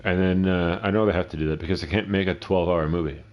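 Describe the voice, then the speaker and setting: A middle-aged man with a very low voice rambles through a casual gameplay session. He swears freely and wanders between stories, now and then talking back to himself. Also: steady tone, quick pace, dull audio. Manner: profane, rambling, talks to himself. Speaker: gameplay streamer.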